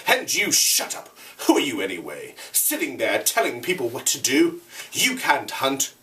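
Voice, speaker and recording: A man's voice: mid-range voice, wildly swooping pitch, normal speed, sharp tone, recorded from a distance. A man reading aloud, voicing a defiant, aggressive boy hunter who bullies and mocks in blunt, sneering tones.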